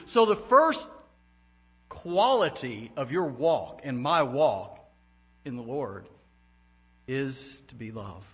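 A man's voice: medium pitch, very animated, slow pace, pauses often, slightly rough. A male pastor giving a brief devotional challenge to a congregation, earnest and emphatic when quoting scripture.

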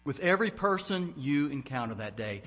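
A man's voice: medium pitch, sing-song, fairly quick, fairly bright tone. A male pastor giving a brief devotional challenge to a congregation, earnest and emphatic when quoting scripture.

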